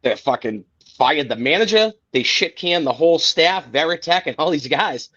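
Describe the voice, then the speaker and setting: A man's voice: a little high, lively intonation, moderate pace, pushed and bright, breathy edge. A man hosting a sports podcast, ranting in a heated, profane, exasperated way. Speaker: podcast host. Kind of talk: casual sports rant. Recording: dull lo-fi podcast audio.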